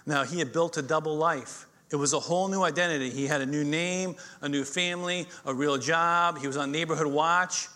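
A middle-aged male pastor preaching a sermon, telling stories with swings between loud emphasis and quiet intensity. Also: on the high side, brisk, few pauses.

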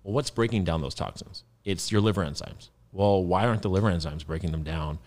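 A man's voice: low voice, a little fast, darkish tone. A man in his thirties, a guest founder explaining his work in a loose, casual podcast chat with plenty of fillers.

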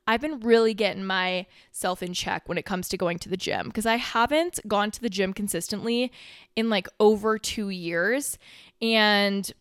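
A woman's voice: medium pitch, normal speed, fairly bright tone, clear, resonant tone, no room sound, clean studio sound. A young woman in her twenties hosting a casual solo podcast, rambling with lots of "like" and frequent swearing, a little out of breath. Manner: rambling, filler-heavy, swears often. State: a bit out of breath. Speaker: podcast host.

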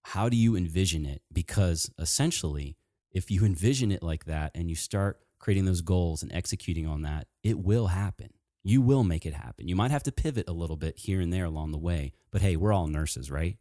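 A man speaking in a low, mellow voice, excitable and quick to get carried away as he chats on a podcast. The sound is dry and close, with no room around it. He encourages listeners enthusiastically. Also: no room sound. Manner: excitable, animated, talks fast. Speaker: podcast host. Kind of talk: casual chat.

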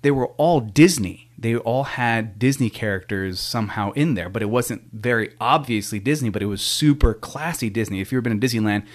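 A man's voice: mid-range voice, a little fast, hardly any pauses. A man telling a rambling, casual story as a foster parent, full of restarts and offhand swearing.

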